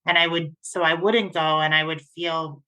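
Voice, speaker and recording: A woman co-host in a casual podcast conversation, speaking earnestly and haltingly with frequent restarts. Her voice sits somewhat low, with a bright, forceful edge. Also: fairly even intonation.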